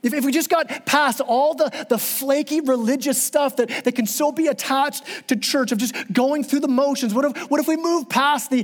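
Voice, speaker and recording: A man's voice: very high voice, normal speed, hardly any pauses, in a large hall. A man preaching a sermon as pastor, impassioned and repeating words as he builds his points. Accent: Southern American.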